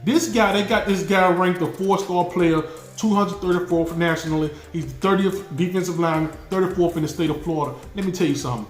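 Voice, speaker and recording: A man with a fairly high voice hosts a casual football fan reaction, emphatic and repetitive in his delivery. The room around him is echoey. Faint music plays underneath. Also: fast talker. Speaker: sports channel host.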